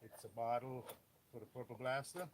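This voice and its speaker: A man's voice: medium pitch, steady tone, moderate pace, background noise. A man streaming live as a mechanic, explaining engine work bluntly with joking asides. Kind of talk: live how-to stream, casual chat. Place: auto workshop.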